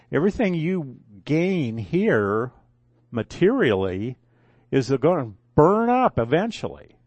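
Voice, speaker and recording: An older man preaching a conversational sermon, unhurried and folksy, with asides and self-corrections. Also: mid-range voice, a little mellow, no echo.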